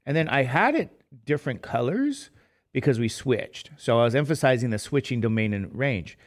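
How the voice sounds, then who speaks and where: A man's voice: medium pitch, big pitch swings, normal speed. A middle-aged man teaching math in a casual lecture, tired and rambling, with chatty self-deprecating asides. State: tired, sleepy.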